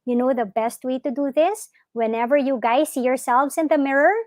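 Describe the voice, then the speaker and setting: A woman with a fairly high voice leads a live online talk for parents on mindfulness and yoga. She speaks in a gentle, encouraging way and often asks her listeners questions. Her voice is recorded close and dry, with no room sound. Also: moderate pace, no echo.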